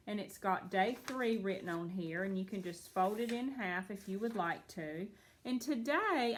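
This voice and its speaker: A woman's voice: medium pitch, reverberant, a little hiss or hum. A woman teaching a phonics lesson to children, patiently and encouragingly. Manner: slow, patient, encouraging, answers for absent pupils.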